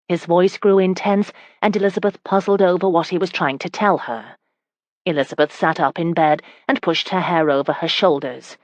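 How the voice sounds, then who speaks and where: Low-voiced woman audiobook narrator. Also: moderate pace, no room sound.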